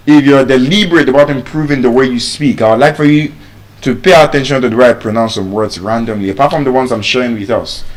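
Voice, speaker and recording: A man with a Nigerian accent teaching English pronunciation, drilling words by repeating them. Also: medium pitch. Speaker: pronunciation coach. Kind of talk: spoken English lesson.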